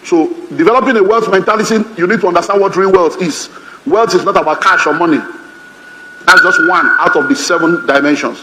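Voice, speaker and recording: A Nigerian pastor preaching to a live congregation, his voice set notably high for a man. He is lively and funny, and he slips into the voices of the people in his stories. A long hall reverb trails each phrase, over a faint wash of background noise. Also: brisk. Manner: animated and humorous, acting out quoted voices. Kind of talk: sermon.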